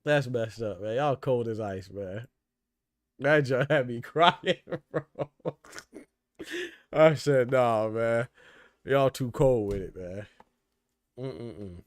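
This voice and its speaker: A man's voice: medium pitch, takes it slowly, pauses often, dry recording. Slangy male boxing podcast host. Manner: loose slangy talk, laughs hard at jokes. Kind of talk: casual live commentary.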